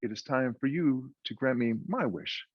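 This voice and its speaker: A man's voice: mid-range voice, animated, normal speed, no room sound, voice pushed up, close to an everyday voice. A man voicing an eloquent male genie freed from a lamp, speaking in formal, stately phrases. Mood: grand. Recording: dull muffled dry audio.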